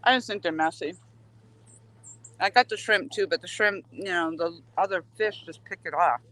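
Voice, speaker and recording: A woman's voice: on the low side, normal speed, a bit bright, poor audio. A woman vlogging outdoors from a waterway dock, chatting casually with live viewers and coaxing the fish aloud as she waits for a bite. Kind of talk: casual live-stream chat.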